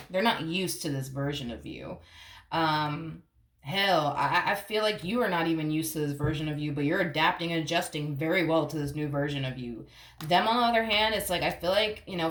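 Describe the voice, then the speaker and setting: A woman's voice: low voice, fairly bright tone. A woman giving a casual tarot reading, rambling and chatty, calling the viewer honey and swearing freely. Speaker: tarot reader. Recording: echoey room.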